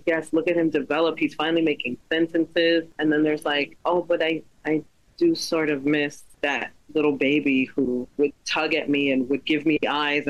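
A woman comedian chatting as a podcast guest, an animated storyteller who acts out the voices in her stories. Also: deep voice, no echo, highs cut off. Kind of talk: casual podcast chat.

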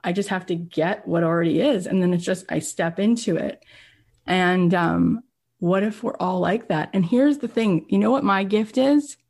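A woman's voice: fairly low pitch, normal speed, a little mellow. A woman podcast host and business coach giving an emotional, effusive motivational talk, peppered with "right?" and "you guys".

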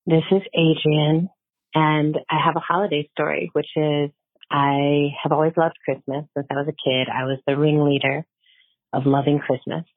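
Low wry woman caller on a phone line. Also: little pitch movement, normal speed, no room sound. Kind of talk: recorded voicemail story.

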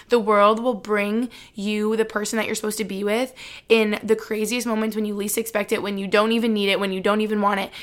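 A young adult woman vlogger chatting casually to camera, giving earnest advice and saying "like" often. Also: mid-range voice.

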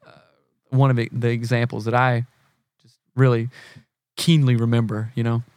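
A man's voice: medium pitch, normal speed, no echo. A man in his forties from the US South with a Southern accent, a counselor earnestly explaining ideas in a casual podcast talk. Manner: earnest, animated, acts out quoted people. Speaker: guest, family counselor.

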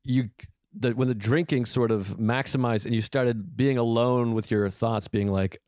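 A man's voice: mid-range voice, steady tone, measured pace, a little mellow, no echo, clean studio sound. A man in his thirties, a comedian in casual chat, talking candidly and reflectively and swearing freely. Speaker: comedian, podcast co-host.

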